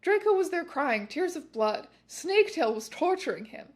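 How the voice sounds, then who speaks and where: A woman reads a piece of fan fiction aloud in a comic, deadpan style. Her voice sits high, and she breaks in now and then with mocking asides. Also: normal speed. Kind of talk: comic dramatic reading.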